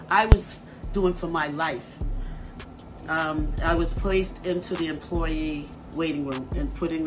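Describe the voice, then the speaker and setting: A woman who supervises a hotel front desk, giving a personal account in an interview and pausing often with "um". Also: sits low. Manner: halting, with frequent "um" pauses. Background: music playing under the voice.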